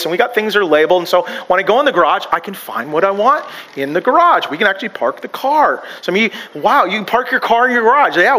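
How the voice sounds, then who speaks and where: A man's voice: high-pitched, sharp tone, poor audio. A pastor preaching a sermon in a chatty way, with joking asides and personal stories, often stumbling and restarting his sentences. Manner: conversational, joking asides and self-deprecating stories.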